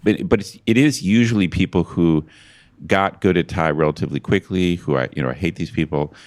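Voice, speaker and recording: A man's voice: deep voice, a little fast, darkish tone. A man co-hosting a podcast in casual chat, rambling and self-deprecating with lots of restarts. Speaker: podcast co-host.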